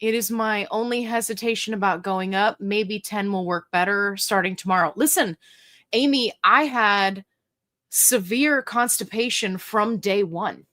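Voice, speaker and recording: A woman's voice: mid-range voice, measured pace, fairly bright tone. Chatty woman hosting a livestream. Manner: chatty, jokey, reads viewer comments aloud. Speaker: livestream host. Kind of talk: casual livestream chat reading comments.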